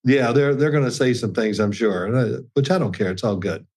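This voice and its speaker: An older man with a slight Kentucky twang tells folksy stories as an interview guest. His pitch sits in a middling range and he chuckles now and then. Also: brisk, darkish tone. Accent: slight Southern, Kentucky. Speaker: guest, former NFL quarterback. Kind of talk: casual interview chat.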